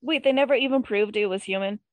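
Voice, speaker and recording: A woman's voice: medium pitch, quick pace, no room sound. A woman co-hosting a casual podcast, giggly and playful, joking along. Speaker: podcast co-host. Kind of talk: casual chat.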